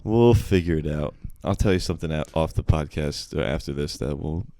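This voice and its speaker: A man's voice: very deep voice, brisk, mellow, no echo. A young man co-hosting a casual podcast, laid-back and cracking dry jokes. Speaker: podcast co-host, stand-up comedian.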